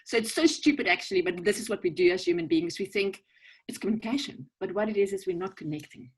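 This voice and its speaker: A guest speaker with a South African English accent gives a lively, joking, direct coaching talk at a virtual networking event, constantly checking in with "okay?" and "right?". Her mid-range voice is quick and slightly rough, and the video-call audio is low quality.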